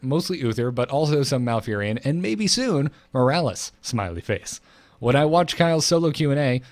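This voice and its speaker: A man co-hosting a casual gaming podcast, his pitch sitting right in the middle of the range. He laughs easily and reads listener mail in a loose, friendly way. The sound is close and dry. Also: no echo. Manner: chuckles often, reads listener mail aloud. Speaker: podcast co-host.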